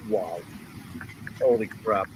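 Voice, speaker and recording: A man's voice: lowish voice, slow, slight background noise. A man hosting a live stream, reacting to video clips with repeated exclamations, curses and nervous laughter.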